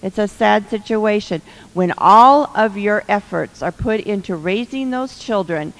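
Woman, advice speaker, slow and chatty with a teasing edge, hall reverb. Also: medium pitch. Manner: chatty, laughing, teasing asides. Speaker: speaker giving marriage advice to women. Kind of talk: humorous advice talk to a live audience.

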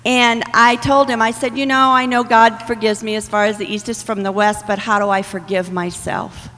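A woman's voice: a little high, flat delivery, moderate pace, a bit bright, big-room sound, low-quality recording. A middle-aged woman telling her personal testimony to a congregation in a candid, conversational way. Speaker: church member giving testimony.

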